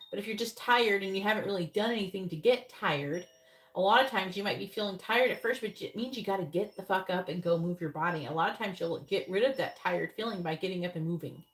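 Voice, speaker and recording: A woman's voice: mid-range voice, a little fast, fairly bright tone. A woman giving a live-stream tarot reading, talking bluntly in a rambling way and swearing casually. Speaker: tarot reader.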